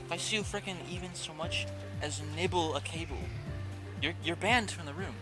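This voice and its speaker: A man's voice: on the high side, fairly quick, music in the background. A young man streaming from his room, chatting casually with his viewers, swearing offhand and talking to his pet. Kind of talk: casual live-stream chat. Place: home room. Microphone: desk microphone with noise gate.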